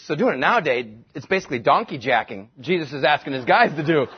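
A male pastor preaching a sermon, animated, slipping into quick voices to act out the people in his stories. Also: on the high side, highs cut off. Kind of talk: sermon with comic retelling.

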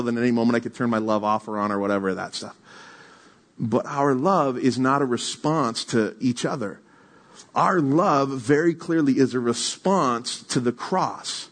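A young man preaching in a relaxed, conversational way, with a voice of ordinary medium pitch. He slows right down to press a point, then rattles through quick asides to the congregation. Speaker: pastor. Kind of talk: sermon.

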